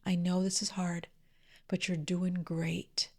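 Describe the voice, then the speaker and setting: Gentle older grandmother, hushed and half-whispered, with a gravelly edge to the low tones, as a woman puts her on. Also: level tone, slow, heavily acted. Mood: soothing. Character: gentle loving older grandmother soothing a child.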